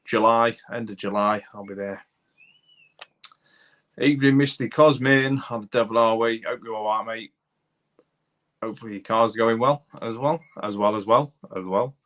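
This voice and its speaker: A man's voice: lowish voice, fairly even intonation, moderate pace, a bit bright. A man with a Lincolnshire accent hosting a casual live stream, chatting matily to viewers and reading their comments with plenty of fillers. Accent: English, Lincolnshire. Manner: chatty, matey, rambling with fillers. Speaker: YouTube channel host reading live chat.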